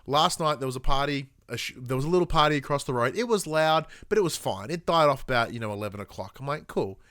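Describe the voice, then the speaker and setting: A man's voice: medium pitch, animated, fast talker, fairly bright tone, no echo, clean studio sound. A tired man, co-hosting a podcast, telling stories animatedly and swearing freely in casual chat. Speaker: podcast co-host.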